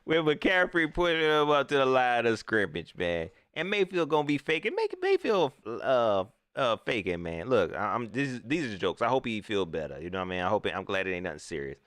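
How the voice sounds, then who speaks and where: A man riffs through a joking livestream about his football team. His pitch leaps around in a lively, animated way, and the sound is dry and close. He speaks in a loose, slangy, casual style. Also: a little fast, hardly any pauses, smooth, no room sound. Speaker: sports vlogger.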